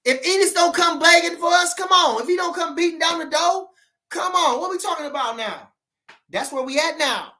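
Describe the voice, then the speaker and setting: A man from the boxing world chatting casually with viewers on a livestream, rambling and animated, often checking that listeners understand him. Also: very high-pitched, moderate pace. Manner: rambling, animated, keeps asking "you understand?".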